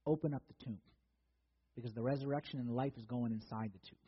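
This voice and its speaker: A man's voice: medium pitch, fairly even intonation, fast talker, breathy edge. A man preaching a sermon in a casual, conversational way, acting out the people in the story as he goes. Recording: dull lo-fi sound with long hall reverb.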